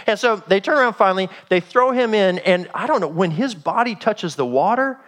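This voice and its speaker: Guy giving a sermon, really animated storytelling, voice jumps all over, kinda high. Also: a little fast, hardly any pauses. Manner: animated storytelling, acting out characters, dramatic volume swings. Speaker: preacher.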